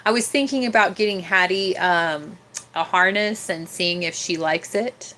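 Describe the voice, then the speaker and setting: A young woman chatting casually on her livestream, often cooing at her cat in a soft baby-talk voice. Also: fairly low pitch, unhurried, a little hiss or hum. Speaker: livestream host.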